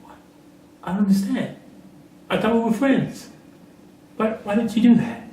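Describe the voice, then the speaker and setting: A man's voice: sits high, moderate pace, dark tone, a little hiss or hum, pitched above the performer's own voice, lightly acted. A man voicing a weary, trusting male frog in a spoken parable, asking plaintive, pleading questions. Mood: bewildered. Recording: echoey room, far from mic.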